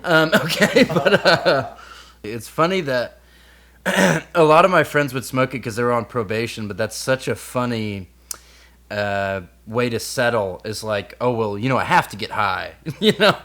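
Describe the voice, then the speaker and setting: A man's voice: medium pitch, expressive, measured pace, a bit bright. A young man co-hosting a podcast in casual, comedic banter. He jokes and teases with frequent laughter. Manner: jokey, laughing, teasing. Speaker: podcast co-host.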